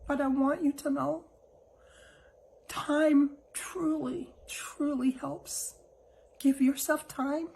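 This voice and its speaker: A middle-aged woman talks straight to her listeners in a heartfelt monologue, her somewhat high voice soft and reassuring. She takes her time, leaving long pauses between thoughts. She sounds emotional and close to tears. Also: steady tone, vocal fry, rough recording. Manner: gentle, unhurried, reassuring. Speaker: host.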